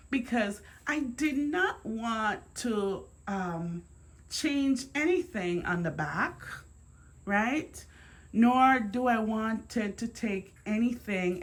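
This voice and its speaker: In a casual to-camera chat, this Jamaican-accented woman, a home decor vlogger, talks from her dining room in a mid-range voice. Excited exclamations and repeated words pepper her speech.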